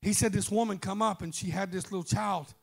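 A man preaching a sermon, telling a story and then rising into fervent shouts. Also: high voice, steady tone, fairly quick, vocal fry. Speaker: pastor.

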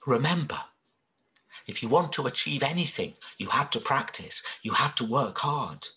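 A man voicing a wise, kindly goddess in a children's story, speaking in a gentle, instructive way. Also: medium pitch, animated, moderate pace. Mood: encouraging. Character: wise kindly goddess, woman, calm and encouraging.

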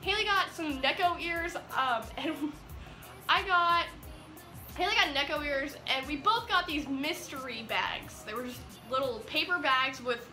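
With a measured pace, a high-voiced teenage girl giddily rambles through an excited vlog storytime, saying "like" constantly. Her tone is bright and sharp, the room is echoey, and soft music plays behind her.

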